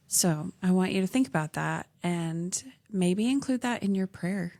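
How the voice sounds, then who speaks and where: A woman co-hosting a faith-based podcast, earnest and excitable, laughing often. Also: lowish voice, unhurried, few pauses. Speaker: podcast co-host.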